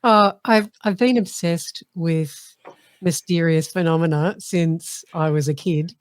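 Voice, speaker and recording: A woman's voice: on the low side, a little slow, no echo. A woman with an Australian accent, a guest in casual chat, chatty and giggly.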